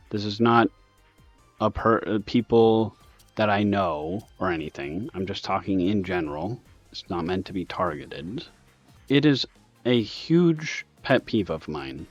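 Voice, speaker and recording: A man ranting in an exasperated, animated way over gameplay, with sudden loud bursts. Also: lowish voice, no echo, lo-fi sound. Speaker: gaming video host.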